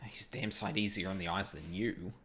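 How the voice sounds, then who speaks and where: A man's voice: sits low, steady tone, fairly quick, sharp tone, a little hiss or hum. A man streaming a game, making sarcastic, joking asides while reading the story aloud. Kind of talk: casual let's-play commentary.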